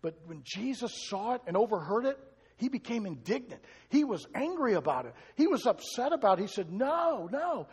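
A man's voice: high voice, big pitch swings, fairly quick, a little mellow, husky, long reverb tail. A male pastor preaching a sermon, talking to the congregation in a conversational way and asking it questions.

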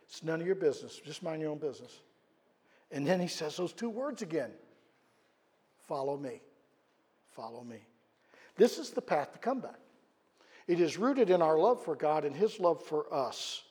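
A man preaching a sermon in a church, earnest, rising to loud emphatic peaks and then dropping low. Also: breathy edge. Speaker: pastor. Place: church sanctuary. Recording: long hall reverb.

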